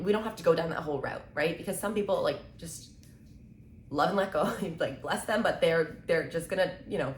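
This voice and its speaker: A woman in her twenties giving casual motivational talk to camera, chatty and upbeat, acting out quick little exchanges and saying "like" and "right?" a lot. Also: low voice, slight background noise. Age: 20s. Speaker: mindset content creator. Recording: echoey room with faint ambience.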